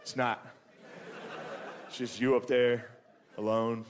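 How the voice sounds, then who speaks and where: Dude telling dirty jokes on a podcast, keeps cracking himself up, swears a lot, noisy recording. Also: male voice, mid-range voice, flat delivery, takes it slowly. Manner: profane, laughs through his own stories. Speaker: podcast host. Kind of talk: crude comedic storytelling. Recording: noisy background.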